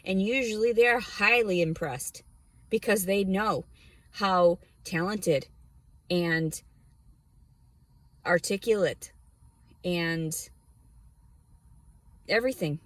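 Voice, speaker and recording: A woman's voice: medium pitch, slow pace, pauses often, no echo. A woman vlogger ranting to camera about her life, blunt, heated and full of profanity. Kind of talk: angry personal rant to camera.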